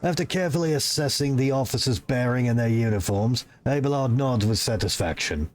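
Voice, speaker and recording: A man streaming a game playthrough, reading the game's text aloud and adding casual, halting asides. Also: mid-range voice.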